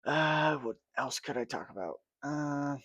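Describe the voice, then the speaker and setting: A man's voice: fairly high pitch, animated, a little slow, a bit bright, breathy edge, no room sound. A man casually rambling through gameplay commentary for his channel, yawning and correcting himself as he talks, sleepy with a dry mouth. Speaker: gaming channel host.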